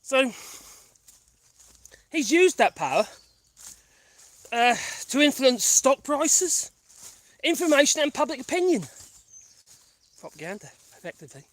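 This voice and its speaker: A woman's voice: sits high, big pitch swings, unhurried, pauses often. A woman vlogging casually on a country path, rambling and chatty while out of breath. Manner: rambling, chatty, laughs often. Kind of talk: casual chat while walking.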